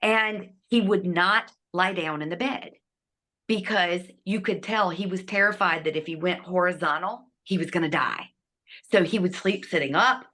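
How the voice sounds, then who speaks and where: A middle-aged woman, a guest telling a personal story with lively delivery and hushed asides. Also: lowish voice, moderate pace. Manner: animated, acts out quotes, drops to hushed asides.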